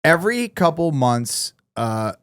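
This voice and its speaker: A man co-hosting a podcast, chatting casually and joking with quick restarts. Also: on the high side, big pitch swings, a bit bright, clean tone, no room sound, clean studio sound. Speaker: podcast co-host. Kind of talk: casual chat.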